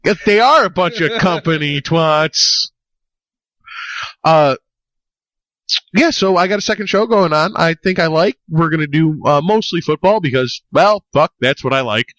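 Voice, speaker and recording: A man's voice: fairly high pitch, moderate pace, fairly bright tone, no room sound. A young man co-hosting a podcast in casual chat, rambling, swearing and joking. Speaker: podcast co-host.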